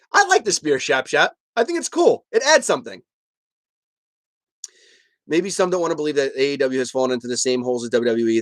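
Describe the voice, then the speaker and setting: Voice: medium pitch, no room sound. Streamer host going off on a rant, voice jumps all over, super dry close sound. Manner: animated ranting, emphatic and repetitive; argues with chat, rising to near shouts. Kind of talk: live stream commentary.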